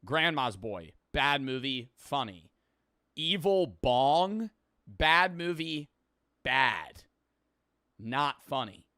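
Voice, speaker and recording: Bright-voiced young streamer reacting casually. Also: male voice, medium pitch, very animated, drawn-out words, long pauses, no room sound, clean studio sound. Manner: laughing, rambling, swears casually.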